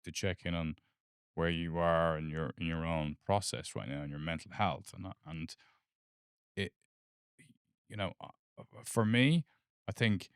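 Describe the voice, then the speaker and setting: A man's voice: deep voice, unhurried, long pauses, clean tone, no room sound, clean studio sound. A man co-hosting a podcast, speaking earnestly and reflectively in casual chat. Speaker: podcast co-host.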